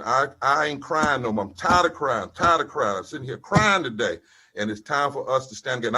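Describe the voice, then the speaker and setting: A man's voice: mid-range voice, sharp tone, breathy edge. An older man speaking as a pastor at a rally, preaching with repeated phrases that swell in force, on a video call. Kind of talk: fiery sermon-style rally speech.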